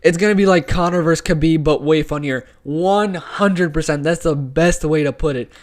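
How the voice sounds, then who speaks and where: A man hosting a casual live sports talk stream, excitable and opinionated, using slang, on a wired desk microphone. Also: a little high, moderate pace. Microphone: desk microphone with wire.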